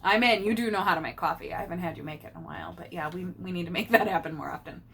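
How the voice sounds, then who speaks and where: A woman reading a picture book aloud to her child, pausing to explain idioms and acting out the characters. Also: on the low side, fairly bright tone, slight background noise.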